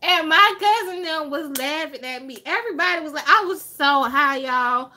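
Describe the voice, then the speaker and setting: This woman, an Alabama vlogger, narrates a story to her audience at normal speed in a high-pitched Southern accent. She's animated, drags out words for effect, and swears freely.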